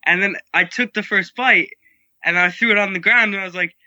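A young man tells his side of a trip story with dry humor and an easy pace. His voice is very bright and a little high, and the sound is close and dry. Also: fairly quick, dry recording, highs cut off. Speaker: son recounting the trip. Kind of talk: casual storytelling.

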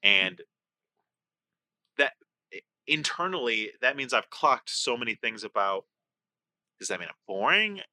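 A young man co-hosting a podcast, chatting casually and openly, animated and emotional. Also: mid-range voice, measured pace, long pauses, no echo. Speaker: podcast co-host.

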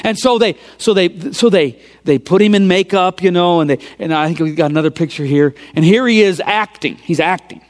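A man preaching, retelling a film scene by scene in an animated storytelling sermon and dropping to hushed near-whispers for emphasis. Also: sits high, brisk, few pauses.

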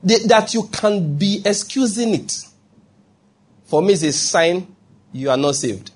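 A man's voice: high-pitched, lively intonation, measured pace, a little mellow. A man preaching a sermon in a conversational way, acting out quoted voices and often checking that listeners follow. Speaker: pastor.

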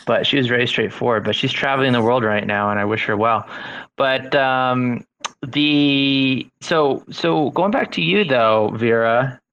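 A man's voice: mid-range voice, fairly bright tone, clear, resonant tone. Stammering easygoing man, lo-fi mic. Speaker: audience participant. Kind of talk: casual chat in a live audio room.

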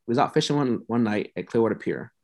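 A mid-range, gravelly voice with lively intonation and a quick pace belongs to a man who founded a youth mentoring program. Interviewed on a podcast, he tells his story earnestly and from the heart, repeating himself for weight and sometimes coming close to tears.

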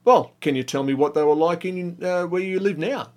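A man voicing a gentle old wise man in a spoken parable. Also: high-pitched, moderate pace, pitched above the performer's own voice, natural voice. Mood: calm.

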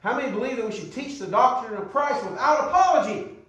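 A man's voice: extremely high pitch, fast talker. A man preaching a sermon as pastor. He speaks with animation, repeats words as he builds each point and asks the congregation to answer him. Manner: animated preaching with call-and-response questions to the congregation. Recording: echoey room.

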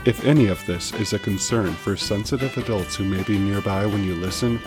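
A man's voice: fairly low pitch, a little fast, hardly any pauses. A man hosting and narrating a serialized story podcast in a playful, upbeat way. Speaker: host and narrator. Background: music.

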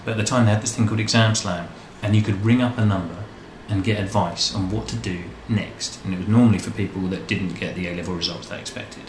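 A man's voice: fairly low pitch, steady tone, fast talker, hardly any pauses. A man telling his life story in a casual interview, rambling and self-deprecating. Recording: echoey room, faint background noise.

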